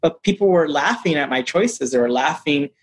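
A man's voice: fairly high pitch, moderate pace, slight background noise, low-quality recording. A man being interviewed as an actor guest, telling stories casually and with animation. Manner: animated, acts out voices in his stories; lively, laughs often.

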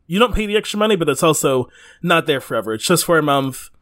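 A man co-hosts a podcast in loose, rambling chat, cursing freely and laughing along the way. His voice sits on the higher side for a man and swings widely in pitch. He talks in an easygoing, everyday manner. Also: animated, quick pace, fairly bright tone. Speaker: podcast co-host. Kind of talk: casual chat.

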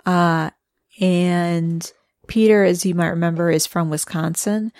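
Low-voiced podcast co-host woman. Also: measured pace, no echo, clean studio sound. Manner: relaxed, recapping with fillers and laughs. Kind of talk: casual recap chat.

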